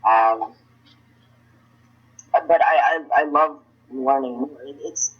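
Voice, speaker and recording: A young man, an actor, answering interview questions in a chatty way, restarting sentences and swinging his pitch up and down. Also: takes it slowly, slightly rough. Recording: dull lo-fi recording.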